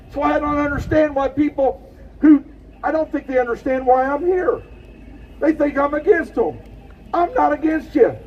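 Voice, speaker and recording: A man giving an impassioned rally speech outdoors, preaching and shouting at the crowd. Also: very high-pitched, recorded from a distance, lo-fi sound, a little hiss or hum. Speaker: rally speaker.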